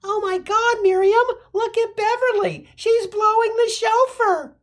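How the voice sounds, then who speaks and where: A man voicing a shrill older woman gossiping at a wedding, squealing and scandalized. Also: unhurried, fairly bright tone, full character voice.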